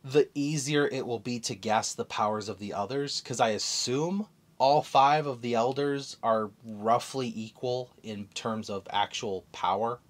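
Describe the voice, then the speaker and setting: A man's voice: medium pitch, a little slow. A man casually recapping and analysing a comic chapter, rambling and correcting himself as he goes. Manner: animated, rambling, self-correcting.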